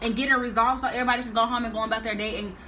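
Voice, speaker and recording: Girl doing a sassy older lady holding her ground, loud and high, bright voice. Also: steady tone, racing, a little hiss or hum. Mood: firm, sassy. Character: sassy firm middle-aged woman standing her ground.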